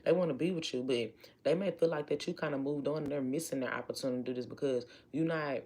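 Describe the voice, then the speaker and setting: A woman's voice: a bass voice, quick pace, dark tone. A woman giving a casual tarot reading, talking chattily and repeating lines for emphasis. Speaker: tarot reader.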